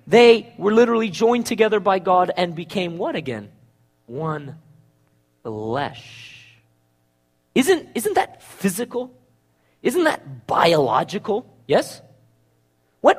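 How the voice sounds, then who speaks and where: A man preaching a sermon, asking the congregation rhetorical questions and swinging from loud emphasis to hushed words. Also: high voice, husky.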